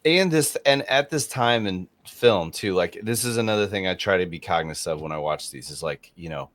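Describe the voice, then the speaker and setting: A man talks casually as a podcast host, laughing often and joking about an old film. His voice sits low. The sound is dry and close. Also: brisk, fairly bright tone, dry recording. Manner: chatty, laughs often, jokey asides. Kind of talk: casual movie discussion.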